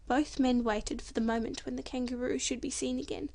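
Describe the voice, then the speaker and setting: A woman reading a children's storybook audiobook in a gentle, expressive narration. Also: sits high, fairly quick, few pauses.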